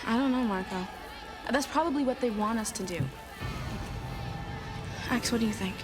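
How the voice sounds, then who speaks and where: A woman's voice: fairly high pitch, moderate pace, over music, natural voice. A young woman playing a cautious teen girl hero. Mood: worried. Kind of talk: 1990s TV series dialogue.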